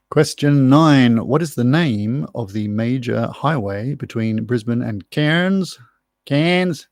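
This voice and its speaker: A gravelly-voiced man reads out pub quiz questions and wanders into chatty, self-deprecating tangents. His voice sits in an ordinary middle range. The sound is close and dry with no room echo. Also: medium pitch. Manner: chatty, rambling, self-mocking asides. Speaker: quiz host. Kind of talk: live online pub quiz hosting. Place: room at home.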